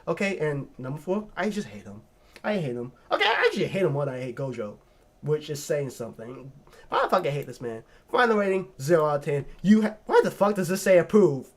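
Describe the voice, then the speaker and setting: A man hosting a video, ranking characters in a lively, profane, joking rant. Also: on the high side, fairly quick. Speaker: video host. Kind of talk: casual ranking commentary.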